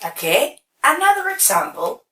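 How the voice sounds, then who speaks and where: A woman's high-pitched voice swings widely in pitch and has a sharp tone as she teaches English grammar. She explains slowly, step by step, and keeps asking "okay." The recording has a roomy echo, with the mic set well away from her.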